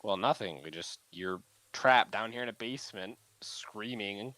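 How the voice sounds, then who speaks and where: A man's voice: lowish voice, measured pace, pushed and bright, dry recording, low-quality recording. A man at a tabletop game who talks freely and playfully. He goes back and forth between table talk and banter spoken as his character. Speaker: player.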